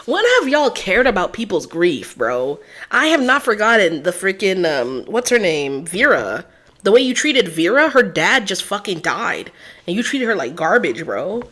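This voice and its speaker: A woman's voice: mid-range voice, very animated, moderate pace, a bit bright, slight background noise. A woman streamer giving casual live gameplay commentary, blunt and profane, full of slang and laughter.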